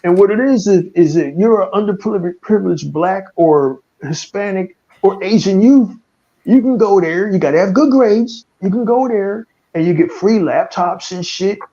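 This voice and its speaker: A man's voice: high-pitched, moderate pace, mellow, dull audio. A man from the United States hosting a casual podcast, talking in a profane, opinionated way with stammering restarts. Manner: profane, stammering restarts, laughs at his own jokes. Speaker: podcast host.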